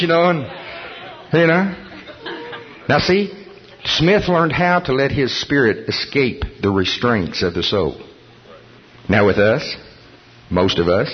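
A husky-voiced man preaches with animated, chuckling storytelling, acting out the people in his tale. The recording sounds dull and lo-fi. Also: fairly high pitch. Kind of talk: storytelling sermon.

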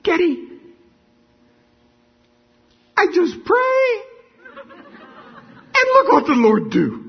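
A man imitating the accent of a humble, overjoyed pastor, his voice high and cracking with emotion. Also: wildly swooping pitch, drawn-out words, creaky, lo-fi sound, some chatter behind, full character voice.

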